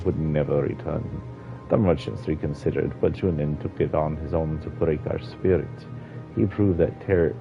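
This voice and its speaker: A man's voice: very deep voice, gravelly. A man streaming a game, reading an in-game book aloud casually, with slips and self-corrections. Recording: dull lo-fi stream audio with faint music.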